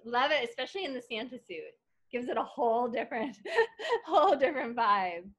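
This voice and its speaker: A woman's voice: fairly high pitch, big pitch swings, moderate pace, a bit bright. A woman hosting an online singalong over a video call, upbeat and encouraging.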